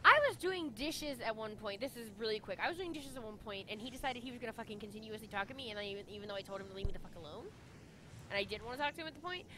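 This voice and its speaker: A woman's voice: a little high, animated, racing, sharp tone, a little hiss or hum. A woman co-hosting a casual chat, telling stories bluntly with heavy swearing and talking with her hands. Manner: profane, blunt storytelling. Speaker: podcast co-host.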